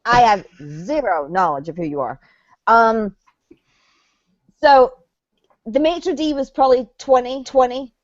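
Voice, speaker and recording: A woman in her forties co-hosting a recap show, telling stories in a brash, profane, animated way. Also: fairly high pitch, measured pace, long pauses, no room sound. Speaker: co-host of a reality TV recap show. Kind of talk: casual chat. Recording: dull, lo-fi sound.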